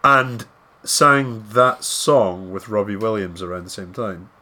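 Deadpan man, lowish voice. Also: measured pace. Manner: dry, deadpan quips. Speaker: podcast co-host. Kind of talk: casual chat.

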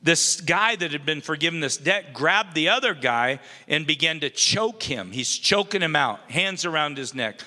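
Man, pastor, sermon, conversational retelling, bright tone, echoing hall reverb. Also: a little high, expressive, normal speed, hardly any pauses. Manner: conversational, retells scripture in his own words.

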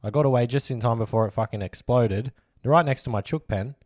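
A man with an Australian accent hosting a comedic footy podcast, animated and exasperated, swearing freely. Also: medium pitch, a little fast, no room sound, clean studio sound. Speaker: podcast host.

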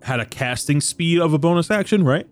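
A man acting as dungeon master, narrating a tabletop game and chatting with players in an animated storytelling manner. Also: fairly high pitch, a little fast, faint music behind. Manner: animated storyteller, laughs easily.

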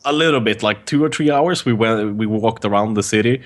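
A man's voice: on the low side, brisk. A man co-hosting a podcast in casual chat, rambling and restarting his sentences, swearing for emphasis. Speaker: podcast co-host.

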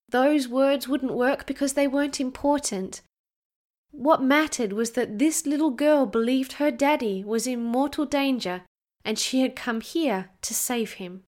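A woman narrating a storybook in a slow, measured reading. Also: fairly high pitch.

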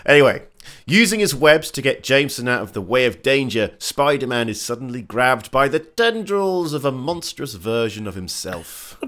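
A man co-hosting a casual chat, reading out an episode recap and making quick asides. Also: mid-range voice, sing-song, fairly bright tone. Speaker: podcast co-host.

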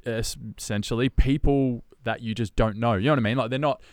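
A man hosting a casual podcast chat, easygoing and quick to agree. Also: medium pitch, a little mellow, smooth, dry recording, studio quality. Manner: easygoing, frequent short agreements.

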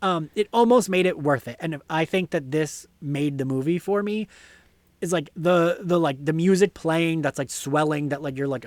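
A man's voice: a little high, moderate pace, dry recording. A man co-hosting a casual podcast, giving his movie opinions with lots of fillers and restarts. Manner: hesitant, many fillers, enthusiastic opinions. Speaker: podcast co-host. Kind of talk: casual movie review chat.

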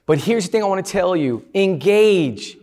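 A man giving a motivational talk to a live audience, energetic and playful, often asking the crowd questions. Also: high-pitched, moderate pace. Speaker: motivational speaker.

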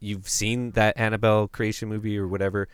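A man's voice: fairly low pitch, flat delivery, brisk, smooth, no echo. A man co-hosting a podcast, chatting casually about horror films, telling stories and acting out the people in them. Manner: storytelling, acts out quoted people, many fillers. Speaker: podcast co-host.

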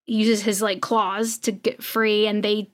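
A woman's voice: mid-range voice, flat delivery, unhurried. A woman co-hosting a podcast, recapping episodes in a chatty storytelling way. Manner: chatty storytelling, acts out quotes. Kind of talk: casual recap chat.

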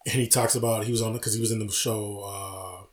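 A man's voice: on the low side, a little fast. A man co-hosting a casual podcast chat, telling stories with lots of laughter and acted-out quotes. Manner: animated storyteller who acts out quotes and laughs often. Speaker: podcast co-host.

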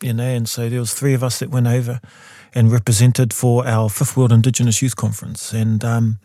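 A man in his forties with a New Zealand accent, a composer guest telling his story in a studio interview and jumping into high voices when he quotes people. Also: little pitch movement, brisk, warm tone, no room sound. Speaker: guest, composer and taonga pūoro player.

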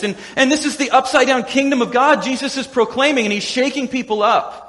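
Male pastor, high voice, playful animated sermon delivery, long hall reverb. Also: fairly quick. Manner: animated, acts out quoted voices with humor.

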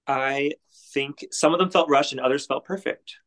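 A man's voice: mid-range voice, normal speed, a bit bright. A man appearing as a guest on a podcast, chatting casually and giving short, easygoing replies. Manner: easygoing, brief agreeable replies. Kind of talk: casual chat.

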